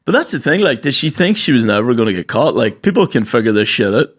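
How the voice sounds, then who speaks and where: A young Irish man co-hosting a casual podcast chat, telling stories with lots of energy and jumping into high mock voices when he quotes people. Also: fast, husky. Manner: animated storyteller, does high mock voices when quoting. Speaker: podcast co-host.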